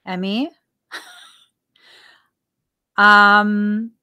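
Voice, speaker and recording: Slow-talking spiritual podcast woman. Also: mid-range voice, flat delivery, bright, forceful tone, smooth. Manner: earnest, musing, laughs often, asks herself questions. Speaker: podcast host. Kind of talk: reflective spiritual talk.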